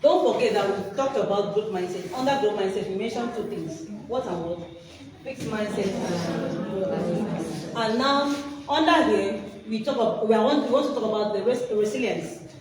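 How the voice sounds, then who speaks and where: A woman with a mid-range, slightly mellow voice speaks at a normal speed as she runs a workshop, quizzing her audience with prompts for them to complete. It's an interactive teaching talk, recorded in an echoey hall on a distant mic with background noise.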